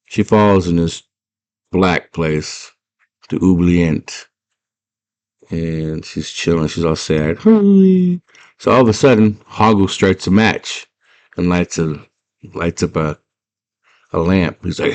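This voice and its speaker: A man's voice: sits low, measured pace, darkish tone. A man casually retelling a movie plot, rambling and slangy with lots of fillers. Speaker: movie fan.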